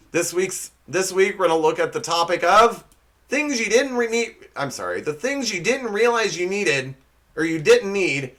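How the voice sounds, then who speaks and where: A man's voice: high voice, sharp tone. Sarcastic young man roasting things. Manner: sarcastic, mock-insulting, laughs at own slips. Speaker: comedy show host. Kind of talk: scripted comedy roast monologue.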